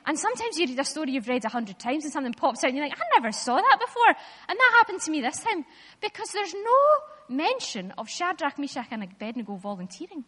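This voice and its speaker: A woman leads a lively children's talk in church, turning to the children again and again. Her voice is high and bright. A long reverb from the hall trails behind her words. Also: fast. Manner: lively, playful, addresses the children directly. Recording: echoey hall.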